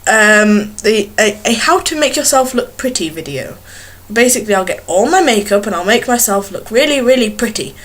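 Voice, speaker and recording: A woman's voice: fairly high pitch, expressive, moderate pace, a bit bright. A young woman chatting casually to a webcam in a small bedroom, rambling and giggling at herself. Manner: rambling, giggly, self-mocking. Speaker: vlogger. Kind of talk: casual chat to camera.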